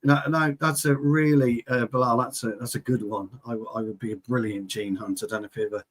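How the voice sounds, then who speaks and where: Brief: man, co-host, rowdy and jokey, husky voice with a mid-range pitch, swears a lot. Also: steady tone, a little fast. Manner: boisterous, joking, swears freely. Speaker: football show co-host. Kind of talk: casual chat.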